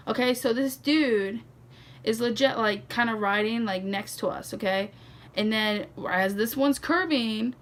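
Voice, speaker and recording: Chatty young woman with a gravelly edge. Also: a little high, a bit bright. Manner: rambling, heavy use of "like" and "legit", frequent laughs. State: sleepy, yawning. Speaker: vlogger. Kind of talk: casual storytime vlog.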